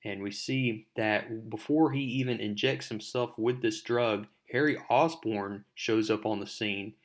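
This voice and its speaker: A man's voice: fairly low pitch, unhurried. A man walks through a comic book issue in a casual, rambling way. He leans on fillers as he retells each scene.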